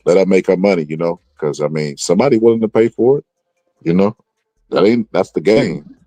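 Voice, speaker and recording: Male host, deep voice, rambling animated storyteller, dry recording. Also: fairly quick, dry recording. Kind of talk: casual podcast chat.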